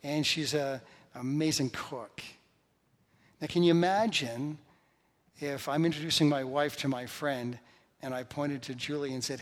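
Preacher guy, kinda high voice, hammering points home by repeating them, big echoey church hall. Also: steady tone, measured pace, pauses often. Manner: emphatic, repeats key phrases for stress. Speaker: pastor. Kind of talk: sermon. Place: church sanctuary. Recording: long reverb of a large hall.

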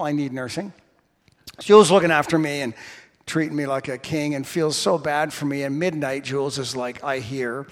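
Man in his sixties preaching in a reverberant church. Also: fairly high pitch. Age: 60s. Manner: humorous personal storytelling. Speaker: pastor. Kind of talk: sermon. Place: church sanctuary. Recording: long hall reverb.

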